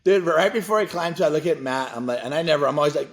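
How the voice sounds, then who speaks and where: A man who is a podcast guest, telling a story in an excitable way and acting out the dialogue. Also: a little high, racing, hardly any pauses. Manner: excitable, acts out dialogue in his stories. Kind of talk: animated storytelling.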